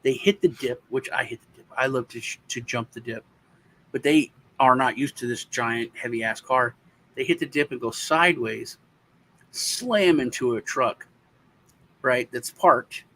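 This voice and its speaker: A male co-host with a mid-range voice talks a little slowly over slight background noise. He relaxedly recounts a long personal story, occasionally swearing and acting out others' voices with animation.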